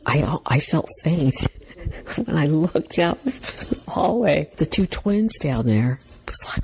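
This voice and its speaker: A middle-aged woman telling a personal story as a podcast host, animated and self-mocking, laughing as she talks and acting out what people said. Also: fairly low pitch, slow, creaky. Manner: animated, self-mocking, laughs while talking, acts out quotes. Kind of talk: casual storytelling monologue.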